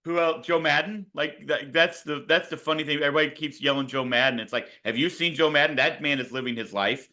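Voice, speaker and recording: A man's voice: fairly high pitch, fast talker, few pauses, pushed and bright. A man co-hosting a casual sports podcast, reflective and full of hedges, playfully pushing back on his partner. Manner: hedging, reflective, playfully argumentative. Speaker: podcast co-host.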